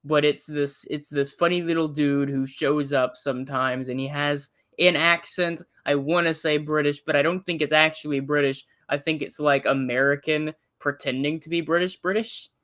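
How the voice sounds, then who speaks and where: A streamer co-hosting a reaction show, telling stories in an animated, laughing way. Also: mid-range voice, normal speed, few pauses. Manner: animated storytelling, laughs often, retells others in quotes. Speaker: co-host and streamer. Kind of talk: casual chat.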